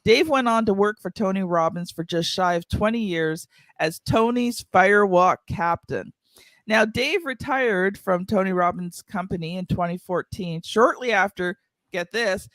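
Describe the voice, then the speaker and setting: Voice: medium pitch, a little slow, fairly bright tone, no echo. A podcast host reading a guest's introduction and then chatting casually with him.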